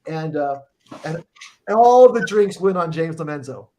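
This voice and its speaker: A man's voice: on the high side, lively intonation, moderate pace, a crowd in the background. A middle-aged man telling a long, profane story in a casual podcast chat, rambling and restarting his sentences often. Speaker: guest musician telling a tour story.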